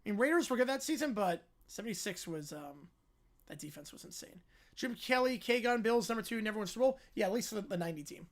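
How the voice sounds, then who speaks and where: A livestream host who talks fast, calling a basketball game play by play while answering chat, and getting louder on big plays. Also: medium pitch, expressive. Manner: fast-talking.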